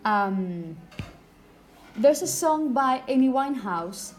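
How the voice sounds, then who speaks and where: A woman's voice: fairly high pitch, animated, takes it slowly, a little hiss or hum, low-quality recording. Woman teacher lecturing a class. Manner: explanatory, asks the class questions.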